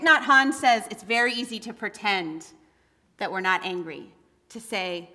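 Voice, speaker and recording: A woman delivers a sermon in a frank, conversational way, now and then pushing hard for emphasis. Her voice is bright and forward. It rings with the long reverb of a church hall. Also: mid-range voice, lively intonation, unhurried. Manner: candid, conversational preaching with bursts of emphasis. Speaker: pastor. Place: church sanctuary.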